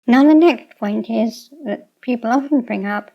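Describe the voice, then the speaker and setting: A woman explaining Japanese pitch accent to learners in a measured, reasoned way. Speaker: language teacher. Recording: dull lo-fi sound.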